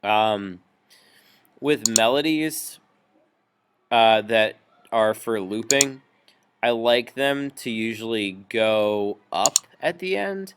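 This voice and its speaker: A man teaching a music software tutorial, explaining each step patiently with frequent ums. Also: on the low side, lively intonation, takes it slowly, pauses often, noisy background. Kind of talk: screen-recorded software tutorial.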